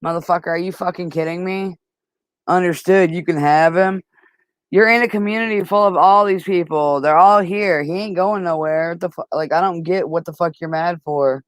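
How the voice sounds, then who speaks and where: A man hosts a casual livestream and argues with his chat, swearing constantly in a heated, argumentative way. His voice sits a little high and sounds smooth and clean. The sound is dry and close, with no room echo. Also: normal speed. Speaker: livestream host.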